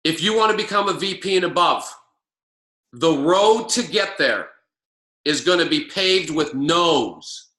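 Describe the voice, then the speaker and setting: Male motivational coach, emphatic and repetitive, high bright voice. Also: lively intonation, measured pace, reverberant. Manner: emphatic, preachy, repeats key lines. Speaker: network marketing coach.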